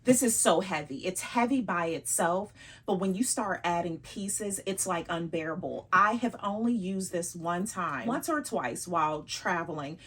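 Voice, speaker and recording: Chatty woman with a husky voice. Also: fairly low pitch, expressive, normal speed. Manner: chatty, laughs often, teasing herself. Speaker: vlogger showing her luxury bags. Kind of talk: casual chatty vlog.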